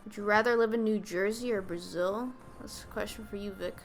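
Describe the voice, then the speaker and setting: A woman talks casually while gaming, tossing out slangy jokes. Her voice has a gravelly, creaky edge. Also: mid-range voice, fairly even intonation, a little fast, soft background music. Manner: playful, slangy, joking. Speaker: gamer playing with a friend.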